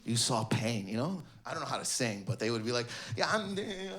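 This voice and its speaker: A man from Canada doing stand-up comedy in a clothing store, animated and laughing through his lines. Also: medium pitch, fast talker. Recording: echoey store with background noise.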